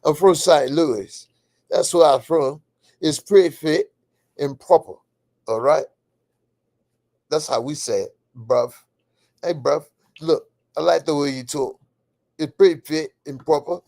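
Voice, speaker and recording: A man's voice: on the high side, unhurried, gravelly, long pauses, darkish tone, voice pushed up. A man doing a playful, exaggerated impression of a chummy, posh English bloke.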